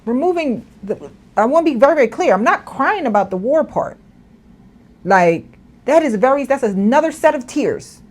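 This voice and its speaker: Animated high-voiced woman. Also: normal speed. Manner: animated, laughing, mock-outraged asides. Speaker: podcast co-host. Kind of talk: casual political commentary chat.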